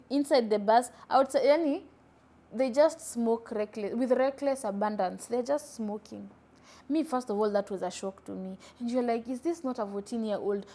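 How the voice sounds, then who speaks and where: A woman's voice: on the high side, darkish tone. A young woman, hosting a podcast and telling stories in a casual, emphatic way, often repeating words and restarting sentences. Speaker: podcast host. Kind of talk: casual storytelling chat.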